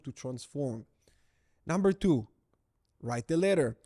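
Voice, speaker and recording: A man's voice: on the high side, moderate pace, darkish tone. A middle-aged man coaching viewers through breakup recovery, blunt and emphatic, repeating his key phrases for weight. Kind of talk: direct-to-camera coaching talk.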